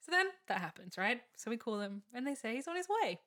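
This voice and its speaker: With a fairly high pitch and a brisk pace, a young woman tells a story while co-hosting a casual chat. She laughs often and animatedly acts out the quotes.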